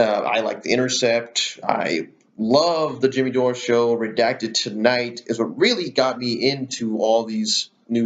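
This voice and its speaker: A mid-range male voice, muffled in the recording, belongs to the host of a political commentary channel. He rants heatedly to camera by himself, with lots of cursing and fillers.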